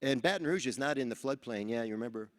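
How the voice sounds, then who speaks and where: A man from New York giving a motivational talk at a seminar, telling animated stories and acting out the dialogue. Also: medium pitch, fast talker. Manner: animated storyteller who acts out dialogue. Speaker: Rotary speaker at a training seminar. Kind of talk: motivational speech with storytelling. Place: large event hall. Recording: reverberant hall.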